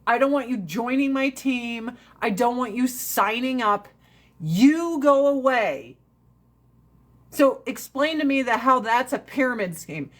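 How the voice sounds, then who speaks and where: A woman's voice: a little high, normal speed, hardly any pauses, a bit bright. Brash, foul-mouthed woman ranting on a livestream. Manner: laughs often between lines. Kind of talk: casual livestream chat with viewers.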